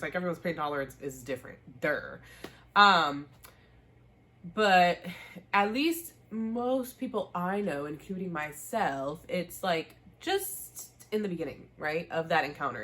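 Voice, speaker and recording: A young woman hosting a casual TV recap vlog, chatty and animated, with slangy asides. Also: mid-range voice. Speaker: show host.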